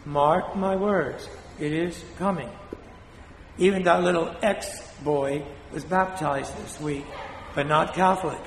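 An older man from Spain, a priest preaching a sermon in a blunt, scolding way with dramatic pauses, his voice still weak after a fall. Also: a little high, steady tone, gravelly, slight background noise. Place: church. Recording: echoey hall from a distance.

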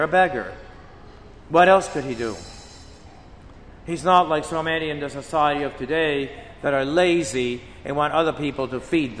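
A priest preaches in a slow, deliberate cadence, his voice sitting a bit high for a man. He leans into quoted lines with dramatic emphasis. The sound carries a long reverb off the church walls, with a faint hum of ambience behind it. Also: a bit bright. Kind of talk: sermon. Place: church shrine.

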